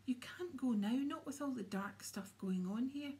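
A woman's voice: fairly high pitch, expressive, moderate pace, warm tone, voice pushed up, close to an everyday voice. A woman voicing a brave, blunt twelve-year-old schoolboy wizard in a storybook reading, indignant and direct.

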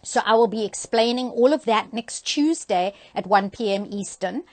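A woman's voice: fairly high pitch, moderate pace, a little mellow. An older woman hosting a sewing live stream, chatting casually through announcements with frequent ums and uhs into a handheld phone.

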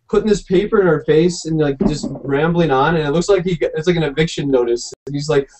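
A man's voice: on the high side, quick pace, few pauses, poor audio. A man telling a rambling story in casual podcast chat, acting out what people said. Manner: rambling, animated, acts out quotes. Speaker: podcast co-host.

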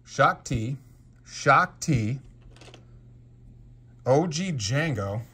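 A man giving casual unboxing commentary as a Lego collector, excitable and exclaiming at each find. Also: mid-range voice, very slow, husky. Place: home basement.

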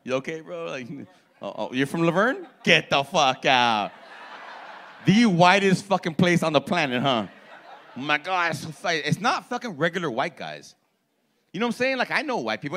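Brash profane stand-up man with a lively voice. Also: a little high, moderate pace. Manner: brash, profane, teasing the crowd. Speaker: stand-up comedian. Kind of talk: stand-up crowd work. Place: comedy club before a laughing audience.

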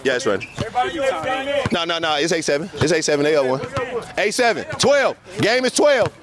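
A man calling pickup basketball from the sideline, excited and trash-talking as he keeps the score. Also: fairly high pitch, moderate pace. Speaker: courtside commentator filming pickup games. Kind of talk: hype courtside commentary. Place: outdoor basketball court. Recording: noisy crowd at an outdoor court. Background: crowd and bouncing ball.

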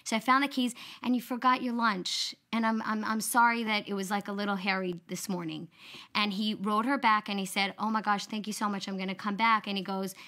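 A woman's voice: medium pitch, flat delivery, brisk, bright, forceful tone. A woman guest on a talk show retelling a family story, acting out quoted lines with animation.

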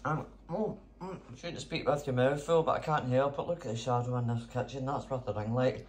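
A man's voice: mid-range voice, a little fast. A man chatting casually in his home kitchen as a cooking vlogger, theatrical and full of cheery exclamations.

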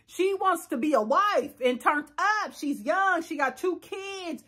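A woman's voice: extremely high pitch, expressive, takes it slowly, pushed and bright. A young woman hosting a casual reality TV recap, blunt and sassy, laughing often and full of slang. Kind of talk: casual reaction commentary.

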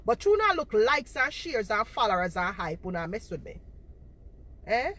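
A woman's voice: mid-range voice, very animated, normal speed, a bit bright. A woman, confronting her viewers on a livestream and repeating herself for emphasis, talking into a phone held in front of her face. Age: 40s.

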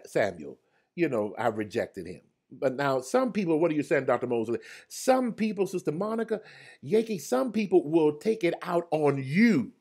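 A man preaching a Bible study online, his voice a little husky and pitched on the higher side. His delivery jumps wildly up and down in pitch. He repeats key phrases and calls his viewers by name. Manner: swings from loud cries to hushed murmurs, repeats phrases. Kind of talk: livestreamed sermon.

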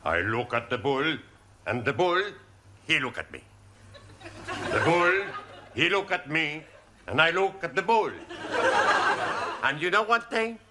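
A playful Spanish student with a Spanish accent, speaking broken English in a lively, bouncing, unhurried voice. He grins through every line of a 1970s studio sitcom, and loud audience laughter rolls in behind him. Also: on the high side, very noisy. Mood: joking. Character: cheerful Spanish male adult student, joking. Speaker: evening-class student.

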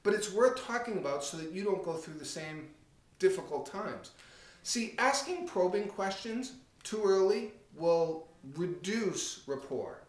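A man giving a direct, conversational real estate coaching talk, acting out anecdotes with lively energy. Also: sits high, unhurried, echoey room.

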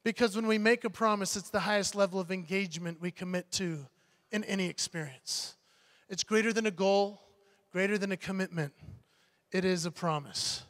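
A motivational speaker, a man, telling an animated story on stage and acting out the voices. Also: high-pitched, moderate pace. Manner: animated, acts out voices, builds to punchlines. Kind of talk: keynote storytelling speech. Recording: long hall reverb.

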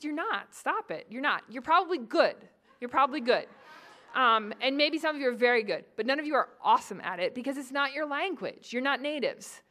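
A woman from the Boston area giving a lively, joking public lecture on psychology and speaking straight to the audience. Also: fairly high pitch. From New England, Boston area.

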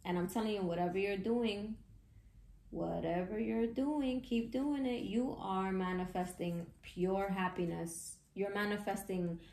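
A woman giving a casual tarot reading, chatty and excitable, with slangy talk and frequent laughs. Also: medium pitch, measured pace, roomy sound. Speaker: tarot reader.

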